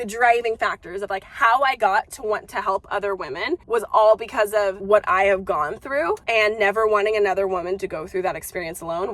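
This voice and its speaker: A young woman in her twenties, vlogging in a chatty, animated way with lots of fillers. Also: mid-range voice, no room sound. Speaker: vlogger, yoga teacher and breathwork guide. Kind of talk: casual talking-to-camera vlog.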